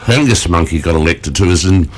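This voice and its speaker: A man's voice: low voice, animated, a little fast. A man, hosting a casual radio chat, chatty and joking, laughing often. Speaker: radio host.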